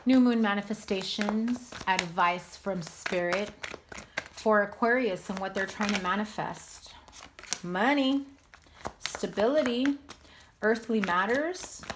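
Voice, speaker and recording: A woman giving a casual tarot reading to her viewers, chatty and animated, cursing now and then. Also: medium pitch, takes it slowly, background noise. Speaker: tarot reader.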